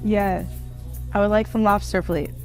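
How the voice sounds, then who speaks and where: A woman playing a composed investor who calmly insists on being seated and served. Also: medium pitch, a little slow, faint music behind, close to an everyday voice. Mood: insistent. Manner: calm, insistent. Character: composed female investor customer.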